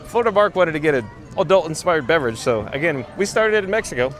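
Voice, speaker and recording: An upbeat man hosts a livestream on foot outdoors, his slightly high voice picked up by a handheld phone. He reads viewer comments aloud in a relaxed, chatty way. Faint music plays in the background. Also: quick pace. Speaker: livestream host. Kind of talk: walking livestream reading chat. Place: outdoors walking through a theme park.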